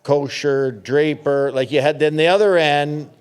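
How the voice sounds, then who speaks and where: A middle-aged man, a guest on a podcast, chatting in a relaxed, halting way and often repeating words as he starts a thought. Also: a little high, clean tone. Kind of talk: casual chat.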